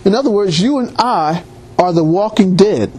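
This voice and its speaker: Animated, husky-voiced male preacher. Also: high-pitched, moderate pace. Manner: animated preaching, rising emphatic peaks. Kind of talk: sermon.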